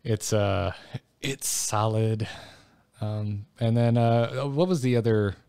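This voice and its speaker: A man's voice: lowish voice, fairly even intonation, takes it slowly, a little mellow, clean tone, no echo. A man co-hosting a podcast in casual chat, playful and self-mocking, stumbling over names. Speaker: podcast co-host.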